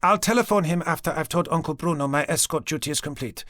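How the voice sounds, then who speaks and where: A male narrator voicing a sharp, persistent young woman police sergeant in an audiobook. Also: on the high side, dry recording, clean studio sound, pitched above the performer's own voice, natural voice. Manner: quick, probing, persistent. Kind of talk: audiobook character voice. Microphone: close studio mic.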